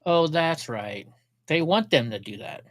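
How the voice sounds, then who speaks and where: A man's voice: on the high side, expressive, unhurried. A man hosting a casual political news livestream, talking sarcastically, laughing at clips and chatting with viewers. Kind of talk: casual commentary.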